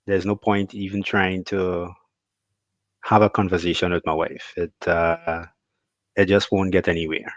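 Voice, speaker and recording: Male co-host, very low voice, unhurried and hesitant, muffled dry recording. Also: level tone, dry recording. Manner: slow, hesitant with fillers. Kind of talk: casual chat. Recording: dull lo-fi dry sound.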